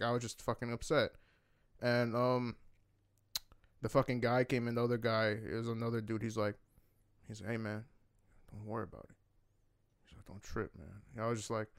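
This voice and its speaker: A young man tells a rambling, slang-heavy story on a podcast and swears freely. He talks fast in a smooth, clear voice. The recording is dry and close. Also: medium pitch, no room sound. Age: young adult. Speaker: podcast co-host. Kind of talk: casual storytelling chat.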